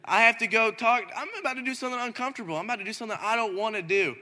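A young man, a minister, telling a story in a lively sermon and rising to shouts at times. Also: extremely high pitch, very fast. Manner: animated, talks in circles, rising to shouts. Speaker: youth minister. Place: church hall. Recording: hall reverb.

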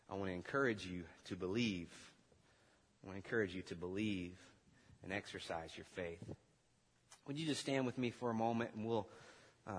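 A man's voice: medium pitch, a bit bright. A male pastor preaching a sermon, playful in his storytelling and earnest in his exhortation, in a church hall. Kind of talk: sermon with a comic skit. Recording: long reverb of a large church hall.

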